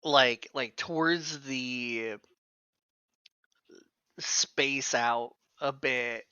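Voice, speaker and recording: Podcast dude chatting, stumbles and repeats himself, muffled dry sound. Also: male voice, mid-range voice, very slow, bright, forceful tone, clear, resonant tone, dry recording. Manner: hesitant, repeats words. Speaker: podcast co-host. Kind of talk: casual chat.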